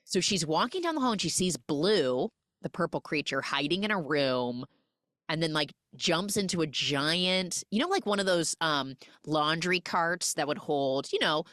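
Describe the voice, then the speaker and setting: Woman host, comedic recap, animated, swooping pitch, dry studio. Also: dry recording. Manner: animated, jumps into quick character voices. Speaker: podcast host. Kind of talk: comic film recap.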